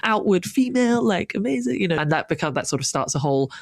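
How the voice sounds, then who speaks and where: A woman's voice: on the low side, sing-song, quick pace, no echo, clean studio sound. A woman co-hosting a podcast in casual chat, rambling enthusiastically with frequent laughs and fillers. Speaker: podcast co-host.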